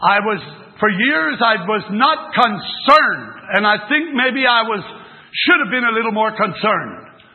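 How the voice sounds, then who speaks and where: A man's voice: high voice, very animated, measured pace. An older man preaching a sermon at a religious meeting, telling folksy, rambling stories with many restarts. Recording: tinny phone-like sermon recording.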